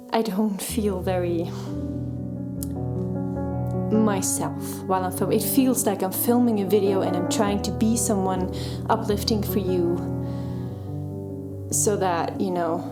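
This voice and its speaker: A woman vlogging casually at home, chatty and self-deprecating, often laughing at herself. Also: medium pitch. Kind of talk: casual vlog narration. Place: home living room. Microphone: camera mic, moved around.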